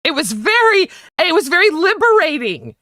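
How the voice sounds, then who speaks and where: A woman's voice: very high-pitched, big pitch swings, moderate pace, sharp tone, no room sound, clean studio sound. A woman co-hosting a casual livestream chat, blunt and profane. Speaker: co-host.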